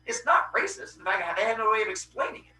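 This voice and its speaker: A man hosting a podcast, casually retelling Greek myths with animated voices for the characters. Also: sits high, fast, reverberant, recorded from a distance, slight background noise, rough recording. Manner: animated, acts out characters' cries. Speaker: podcast host.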